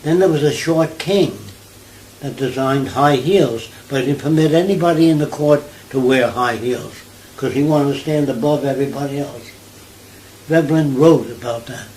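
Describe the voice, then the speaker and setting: A man's voice: mid-range voice, normal speed, rough recording. Older new guy telling stories in an interview, keeps asking if you get it, bit of room noise. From New York. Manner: animated storyteller, asks listener if they follow. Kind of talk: conversational interview.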